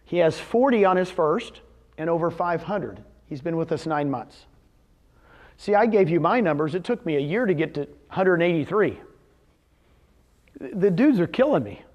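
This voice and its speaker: A man giving a live seminar talk to real estate agents, telling success stories and firing questions at the audience. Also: on the high side. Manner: animated, storytelling with quick questions to the audience. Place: meeting room with a live audience.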